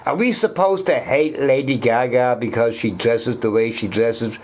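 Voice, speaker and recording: A man's voice: medium pitch, normal speed, darkish tone. A man in a casual ranting monologue who swears a lot and keeps asking his listeners "right?". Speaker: vlogger.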